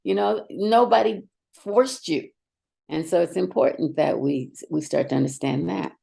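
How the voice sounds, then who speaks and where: A middle-aged woman with a low voice and a heavily gravelly, fried texture. She tells classroom stories in an animated, emphatic, direct way, like a seasoned teacher talking as a podcast guest. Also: moderate pace. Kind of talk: storytelling in conversation.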